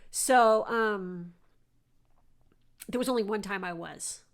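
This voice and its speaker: A woman's voice: mid-range voice, slow. A woman from Southern California, telling a personal story to her podcast listeners in a rambling, chatty way full of fillers and the odd swear word. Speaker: podcast host. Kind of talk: casual storytelling monologue.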